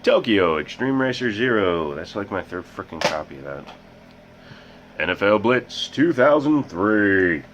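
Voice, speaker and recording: A man's voice: on the low side, big pitch swings, unhurried. A man hosting a casual game collection vlog, rambling and making joking asides about himself. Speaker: host. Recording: muffled with loud background hiss.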